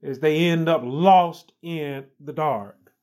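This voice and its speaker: Preacher, male, unhurried sermon delivery with repeated emphatic lines. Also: fairly high pitch, a little mellow. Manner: slow, emphatic, repeats phrases with rising stress.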